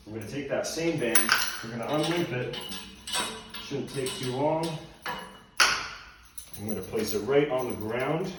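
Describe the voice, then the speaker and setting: Recorded from a distance with a little hiss or hum, a man with a mid-range voice coaches a workout while demonstrating the exercises. He is out of breath, in a very echoey room at home, and his voice is off-mic.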